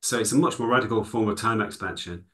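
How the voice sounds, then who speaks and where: A man's voice: lowish voice, fast talker, pushed and bright. Thoughtful man explaining at length. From England. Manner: thoughtful, explanatory, with many "you know" fillers. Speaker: guest, psychology lecturer and author. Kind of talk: conversational interview answers.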